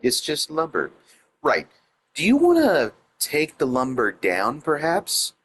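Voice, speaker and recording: A man doing gameplay commentary, sarcastic and mocking the game and its heroine, reading the game's text aloud in a quieter voice. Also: on the high side. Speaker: let's play commentator.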